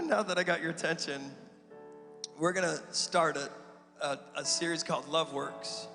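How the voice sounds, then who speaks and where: A man preaching a sermon as pastor, in an animated, joking way with asides to the congregation. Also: a little high. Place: church sanctuary. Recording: long hall reverb with faint music.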